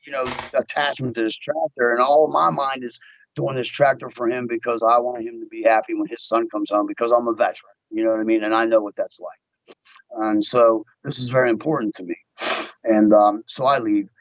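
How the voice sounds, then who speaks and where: Man guest recounting a story with lively acted-out quotes; dry, dull-sounding podcast audio. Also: medium pitch, brisk, dry recording. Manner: animated storyteller acting out his own quotes. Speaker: guest, window tint shop owner. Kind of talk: casual storytelling chat.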